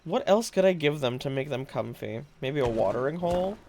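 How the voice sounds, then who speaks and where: A man's voice: on the high side, lively intonation, a little fast, a little mellow, slight background noise. A man streaming a game live, chatting casually with viewers, musing aloud and laughing often. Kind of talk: casual live-stream chat while gaming.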